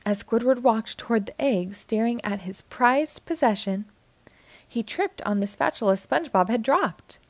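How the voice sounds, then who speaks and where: A woman narrating a children's storybook aloud, with an expressive, clear delivery. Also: a little high, moderate pace, no echo. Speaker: children's book reader.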